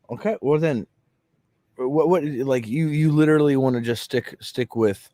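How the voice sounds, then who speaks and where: A man co-hosting a call-in discussion show, laying out his arguments in a measured, argumentative way. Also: medium pitch, dark tone, dry recording. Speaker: co-host. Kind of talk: casual debate chat.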